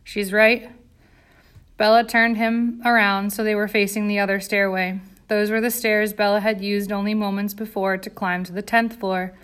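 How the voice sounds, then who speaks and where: Woman audiobook narrator, steady, dramatic delivery. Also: mid-range voice.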